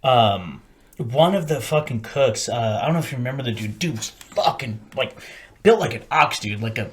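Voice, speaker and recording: A man's voice: mid-range voice, moderate pace. A young man co-hosting a podcast, telling rambling, profane stories in casual chat. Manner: profane, rambling, animated storytelling. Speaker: podcast co-host.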